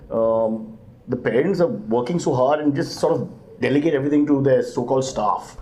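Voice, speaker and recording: A middle-aged man, a comedian guest answering questions with quick deadpan wisecracks and mock exasperation. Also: medium pitch. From India. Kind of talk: joking live interview banter.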